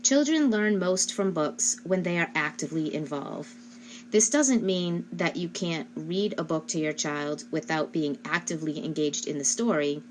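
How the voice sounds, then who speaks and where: A woman giving instructional narration as a speech therapist, speaking slowly and carefully and modeling questions for a child. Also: deep voice, a little hiss or hum. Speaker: speech-language pathologist.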